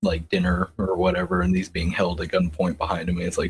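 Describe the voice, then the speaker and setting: A man's voice: low-pitched, completely flat delivery, brisk, slight background noise. A man co-hosting a comics podcast, talking in a laid-back way with lots of fillers and frequent laughter. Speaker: podcast co-host. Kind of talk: casual comic book discussion.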